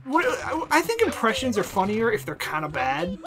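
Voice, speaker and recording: A man co-hosting a let's play in casual chat, excitable, laughing often and swearing freely. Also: sits high, moderate pace.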